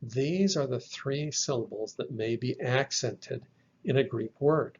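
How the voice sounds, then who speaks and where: Slow gravelly-voiced man teaching. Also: mid-range voice, lo-fi sound, a little hiss or hum. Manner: slow, careful explanations with spelled-out terms. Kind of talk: slide lecture.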